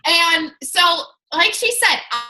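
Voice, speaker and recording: A woman's voice: extremely high pitch, animated, slow pace, over music, rough recording. A woman in her twenties from Washington state, a fitness coach telling her personal story on a casual team call, chatty and earnest, with lots of "like". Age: 20s. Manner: chatty and earnest, many "like"s, candid.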